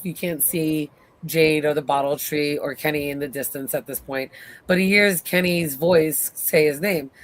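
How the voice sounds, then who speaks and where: A podcast co-host in a casual show recap, retelling scenes with lively acted-out quotes. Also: medium pitch. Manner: animated retelling, acts out quotes.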